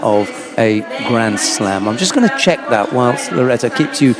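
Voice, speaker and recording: A man's voice: mid-range voice, expressive, moderate pace, over music. A man commentating live on a judo event, chatty and anecdotal. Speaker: sports commentator.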